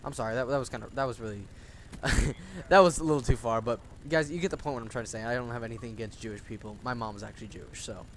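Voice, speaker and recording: A man's voice: mid-range voice, fast, few pauses, a little hiss or hum. A young man in his late teens tells stories during casual gameplay commentary. He rambles, swears a lot and often restarts his sentences. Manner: rambling, profane ranting with many restarts. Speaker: gaming channel host.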